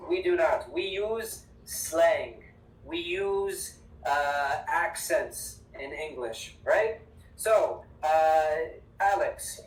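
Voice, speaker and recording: An English teacher giving an online class, upbeat and emphatic, repeating words slowly for the students. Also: medium pitch. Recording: echoey room, distant mic.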